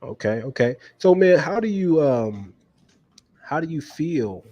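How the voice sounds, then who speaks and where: A man's voice: fairly high pitch, animated, unhurried, dark tone, no echo, dull audio. A man hosting a casual livestream interview who keeps speaking straight to his viewers and checking the stream.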